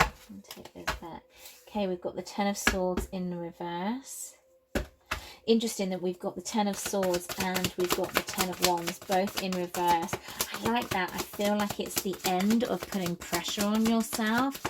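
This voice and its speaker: A British woman with a slightly low voice drifts through a casual intuitive tarot reading. She muses aloud, wanders between thoughts and fills pauses with little laughs and ums. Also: background noise. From United Kingdom. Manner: meandering and musing, with frequent fillers and soft laughs. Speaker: tarot reader.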